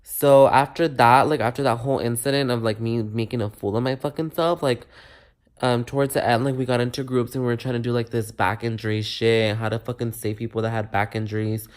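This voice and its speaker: A man's voice: mid-range voice, a little fast. Young man telling a profane storytime. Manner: animated, profane, mixes in Spanish words. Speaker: vlogger. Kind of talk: casual storytime to camera.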